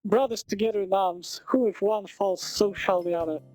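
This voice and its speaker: A woman streamer reading a visual novel aloud at a fast clip, breaking off for sarcastic, profane commentary. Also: medium pitch, darkish tone, soft background music. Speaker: let's play streamer.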